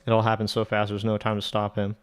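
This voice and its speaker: A man's voice: on the low side, monotone, fast, smooth. A man casually reading and translating a visual novel aloud, with swearing asides. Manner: casual, swearing asides between read lines. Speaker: let's play narrator.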